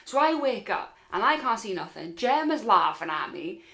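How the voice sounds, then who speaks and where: A woman's voice: mid-range voice, very animated, moderate pace, fairly bright tone. A young woman with a Welsh accent telling a story to her viewers in a chatty, rambling way, talking to them as guys. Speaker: vlogger. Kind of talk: casual storytime.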